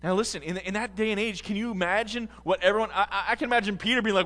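An American pastor delivers a sermon, his high voice swinging between quiet reflection and loud, fervent stretches. He talks rapid-fire with few pauses and fairly even intonation, and a long reverb tail follows his words.

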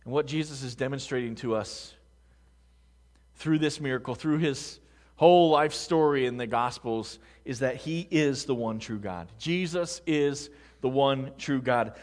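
A man preaching a sermon to a congregation, talking conversationally with rhetorical questions and swinging between hushed words and loud emphasis. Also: mid-range voice, unhurried. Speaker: pastor. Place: large room with a congregation. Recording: long hall reverb.

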